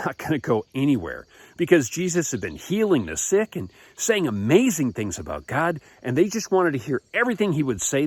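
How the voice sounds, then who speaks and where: A man telling a Bible story to children, expressive and animated. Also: a little high.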